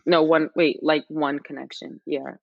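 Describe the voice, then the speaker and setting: A woman's voice: sits low, measured pace, gravelly, no echo. Laid-back New York woman, lots of "like". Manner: relaxed, peppers speech with "like". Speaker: podcast guest. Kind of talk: casual podcast chat. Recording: dull, dry, muffled sound.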